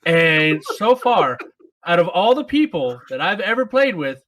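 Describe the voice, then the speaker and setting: Animated bright-voiced man on a podcast. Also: high-pitched, rough recording. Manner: animated, quick to laugh. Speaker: podcast co-host. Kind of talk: casual gaming podcast chat.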